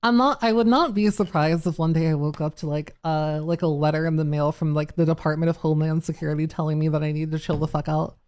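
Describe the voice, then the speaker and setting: A woman's voice: low voice, fairly even intonation, quick pace, few pauses, a little mellow, clear, resonant tone. A woman live streamer chatting casually with her viewers, reading messages aloud, laughing often and swearing freely. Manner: giggly and profane, reads chat aloud.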